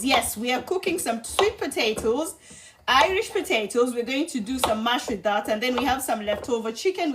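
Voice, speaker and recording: Cooking-stream host: woman, high voice, chatty and affectionate with viewers, faint background hiss. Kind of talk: live cooking demo with viewer chat.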